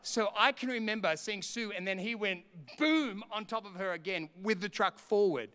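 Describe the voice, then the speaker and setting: A middle-aged male pastor with a high, bright, clear voice preaches with passion, swinging between hushed storytelling and ringing exhortation. His sermon carries a long reverb from a big church hall. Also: normal speed. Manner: impassioned preaching that swells to shouts between quieter storytelling.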